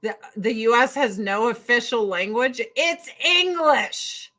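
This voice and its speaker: A woman's voice: a little high, steady tone, normal speed, fairly bright tone, poor audio. A woman hosting a casual commentary stream, ranting sarcastically and swearing freely. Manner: sarcastic, profane, exasperated.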